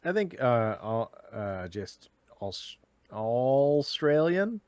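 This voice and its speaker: A man playing in a tabletop game, chatting casually and speaking in halting starts. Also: mid-range voice, big pitch swings, darkish tone. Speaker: player. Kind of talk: casual chat.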